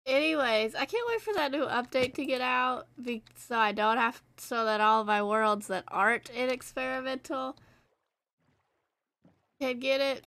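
A woman's voice: high-pitched, a little slow, pauses often, a bit bright. A teenage girl streaming a game, chatting casually in a rambling, self-deprecating way. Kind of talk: casual gameplay chat.

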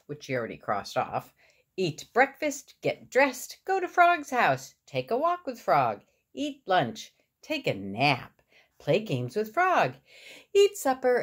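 A woman reads a picture book aloud, slow and unhurried. Her voice rises and falls in a lively way as she points out the pictures. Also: mid-range voice. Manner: warm, explaining the pictures. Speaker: parent reading to her boy. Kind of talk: storybook read-aloud.

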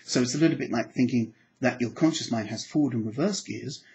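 A man teaching applied psychology to camera, animated and acting out his examples. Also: fairly quick. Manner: animated, acts out examples with sudden pitch jumps. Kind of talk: lecture to camera.

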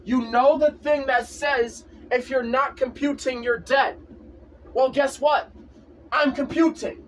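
A man's voice: extremely high pitch, steady tone, slow pace, a bit bright, far from the mic, a little hiss or hum. A man in a casual vlog, ranting insistently and repeating himself over and over. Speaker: vlogger. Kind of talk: casual rant to camera.

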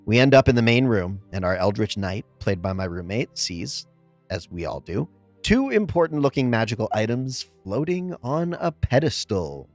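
A man reading out reader-submitted tabletop game stories in a scripted narration, expressive, with pauses for comic timing. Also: lowish voice, no echo, soft background music. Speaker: story narrator.

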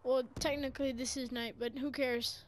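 A young woman with a high voice talks over her own match as she plays. She speaks into a gaming headset in a casual, excitable way, reacting fast and poking fun at her own mistakes. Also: a little hiss or hum. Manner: excitable, self-mocking, quick reactions. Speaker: gaming video creator. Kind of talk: casual gameplay commentary.

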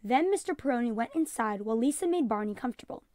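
A woman teacher reading a children's book aloud, clear and expressive, calling out page numbers. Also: fairly high pitch, fast talker, no room sound, clean studio sound.

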